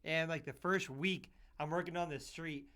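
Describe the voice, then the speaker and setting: A man's voice: on the high side, fairly even intonation, normal speed, pushed and bright. A man from Utah hosting a podcast, chatting casually in an upbeat, joking way, full of "man" and "dude". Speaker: podcast host.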